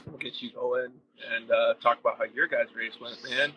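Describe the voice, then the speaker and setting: A man's voice: mid-range voice, fairly even intonation, normal speed, sharp tone, slight background noise, poor audio. A man hosting a casual live-stream chat show, enthusiastic and rambling with lots of fillers. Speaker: show host.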